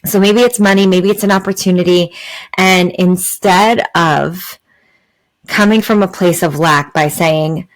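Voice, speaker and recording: Female podcast host, slightly low pitch, earnest and explanatory, filler-heavy spiritual talk. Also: fairly even intonation, measured pace, low-quality recording. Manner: earnest, many fillers and "right?" asides.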